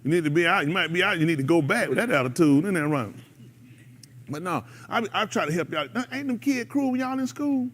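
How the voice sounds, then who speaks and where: A man's voice: high voice, fairly quick. A man, hosting a radio show and preaching casually to a group in an exhorting way. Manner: animated, exhorting, breaks into laughter and mimicry.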